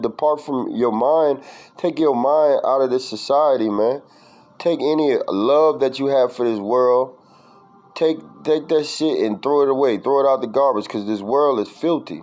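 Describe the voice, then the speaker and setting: A man's voice: mid-range voice, a little mellow, poor audio. Casual profane preacher man, says "man" constantly. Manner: reads verses aloud and looks up word definitions. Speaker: preacher teaching scripture. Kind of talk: informal scripture study talk.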